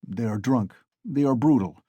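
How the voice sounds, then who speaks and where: A man voicing a gentle father quietly calming his small son. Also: mid-range voice, moderate pace, slightly rough, no echo, lo-fi sound. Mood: soothing.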